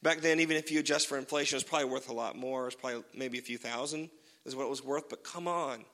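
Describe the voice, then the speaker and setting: A man's voice: mid-range voice, fast, fairly bright tone, big-room sound. A man preaching a sermon as pastor, casual and joking, with many fillers.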